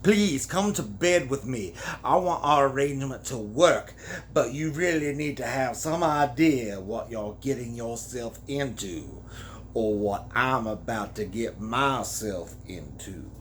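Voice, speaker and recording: A stern, brooding lover who drops his voice low and husky, laying it on thick, as a man hams him up. The delivery is slow and heavy, with faint room noise behind it. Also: expressive, lightly acted.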